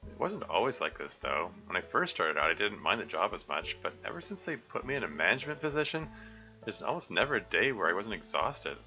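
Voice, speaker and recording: Low bright-voiced guy streaming a visual novel, rambly and hesitant, dull audio, faint guitar behind. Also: sing-song, fairly quick. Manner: rambling, hesitant, frequent throat-clearing. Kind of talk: live let's play with commentary. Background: faint guitar music.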